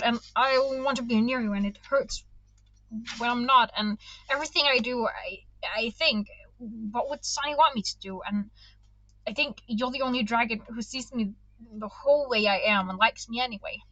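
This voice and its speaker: A woman reading aloud voices a shy young male dragon who talks in a hesitant, halting way. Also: fairly high pitch, pushed and bright, dry recording, dull audio. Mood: nervous.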